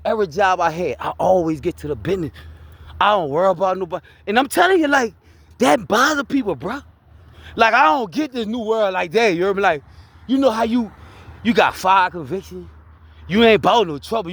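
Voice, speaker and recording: A man with a Louisiana accent speaks in a fairly high voice, recorded close and dry. He talks in loose street slang with a preaching edge, checking in with his listener over and over. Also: fairly bright tone, dry recording. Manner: preachy street talk, keeps repeating "you heard me?". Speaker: vlogger sharing his life story. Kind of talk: casual motivational talk.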